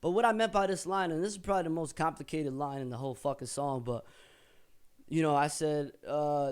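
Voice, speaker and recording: A man's smooth, fairly high voice comes at a brisk clip as he goes over his own rap lyrics. Now older than he was, he keeps it casual and profane, drops in rapped excerpts, and thinks aloud, self-correcting.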